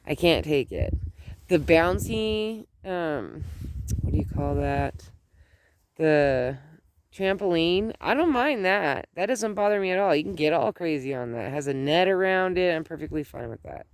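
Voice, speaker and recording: A woman's voice: sits low, animated, measured pace, slight background noise. A middle-aged woman vlogging outdoors at home, chatting in a rambling way with many restarts. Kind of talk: casual chat.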